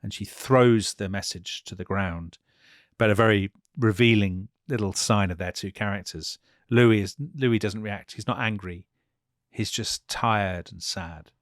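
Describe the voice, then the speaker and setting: A man with a fairly low voice recounts history in a lively storytelling manner, slipping into brief quoted lines for the people involved. The studio sound is dry and close, with no room around it. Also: unhurried, no echo. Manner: vivid, animated retelling with acted quotes. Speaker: podcast co-host.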